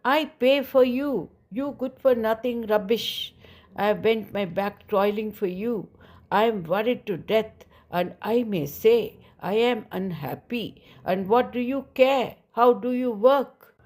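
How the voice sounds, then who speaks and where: Woman reads a distraught storybook mother, wailing reproach, unhurried delivery. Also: on the high side, darkish tone. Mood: reproachful. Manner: wailing, self-pitying reproach. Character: distraught scolding middle-aged mother.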